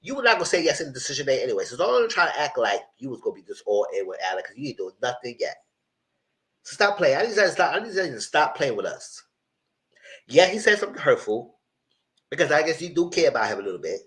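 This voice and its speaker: A man's voice: medium pitch, very animated, quick pace, a bit bright. A man giving a casual live recap of a reality TV show, exasperated and blunt, ranting and swearing as he talks back to the cast.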